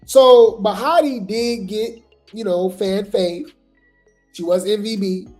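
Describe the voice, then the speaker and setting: A host giving casual gossip commentary on reality TV, talking chattily and filling pauses with "right?" and "you know". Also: mid-range voice, a little mellow, faint music behind. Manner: chatty, full of fillers and "right?" asides.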